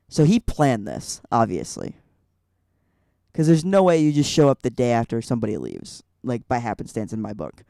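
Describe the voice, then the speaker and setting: A man's voice: mid-range voice, dark tone, clear, resonant tone, dry recording, studio quality. A young man from Illinois telling a personal story on a podcast, rambling with lots of "like" fillers. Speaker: podcast guest. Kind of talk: casual storytelling.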